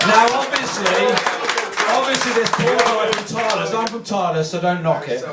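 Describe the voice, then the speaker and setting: A man from Reading doing stand-up in a comedy club, rambling through self-deprecating digressions with a deadpan touch, recorded from a distance. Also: high voice, normal speed, very noisy. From Reading, England. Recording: echoey club recording from far off, audience laughter.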